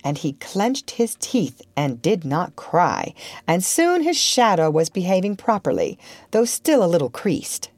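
A woman reading a children's storybook aloud with an expressive delivery. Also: fairly low pitch, a little slow, no echo. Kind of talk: storybook narration.

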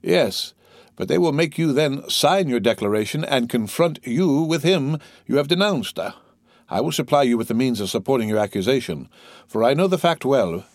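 A man's voice: medium pitch, expressive, normal speed, no echo, studio quality, pitched above the performer's own voice, natural voice. A man doing a sly scheming clerk. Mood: calculating. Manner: sly, persuasive, mock-innocent. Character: scheming envious male ship's clerk, smooth.

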